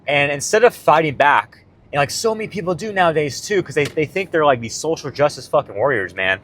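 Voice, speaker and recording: A man's voice: a little high, sing-song, fairly quick, fairly bright tone. A man talking casually to camera about a self-help book and coaching, swearing freely and tagging on "man" and "right?". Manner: profane, laid-back, peppered with "man" and "right?". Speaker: self-improvement vlogger and coach.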